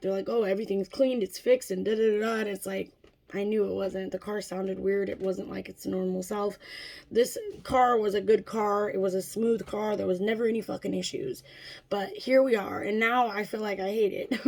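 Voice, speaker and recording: A woman's voice: medium pitch, creaky. A woman in her thirties from California telling a long story in a casual vlog, swearing often and rambling with fillers and laughs. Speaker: vlogger.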